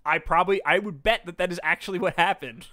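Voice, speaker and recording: Podcast host, male, bright and slightly high voice, dry close sound, rambling and jokey. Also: fast, dry recording. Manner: rambling, jokey, trails off into asides. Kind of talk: casual podcast chat.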